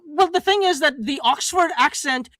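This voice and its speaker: A woman's voice: high voice, expressive, moderate pace, fairly bright tone, dry recording. A woman in a casual chat, blunt, sweary and opinionated.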